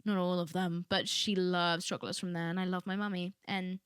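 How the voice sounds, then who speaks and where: A young woman talks through a solo podcast episode in a loose, candid ramble, full of filler asides. Her tone is bright and lively. The recording is dry and close, with no room around her. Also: fairly low pitch, brisk, smooth, no room sound. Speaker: podcast host. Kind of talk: casual solo podcast monologue.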